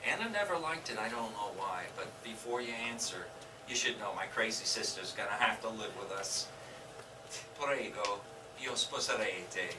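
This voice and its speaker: An older man plays a hesitant widower who stammers and trips over his words. His voice sits at an ordinary pitch and sounds distant and roomy, with noise behind it on stage. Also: lively intonation, moderate pace, lightly acted. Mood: tender. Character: nervous older widower proposing. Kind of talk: stage play acting.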